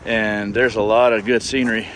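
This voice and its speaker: A man's voice: on the low side, level tone, moderate pace, a bit bright, slight background noise. Chatty, rambling man hiking outdoors. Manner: rambling, chatty, talking to the camera. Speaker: hiking vlogger. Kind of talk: casual chat while hiking. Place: outdoors on a coastal trail.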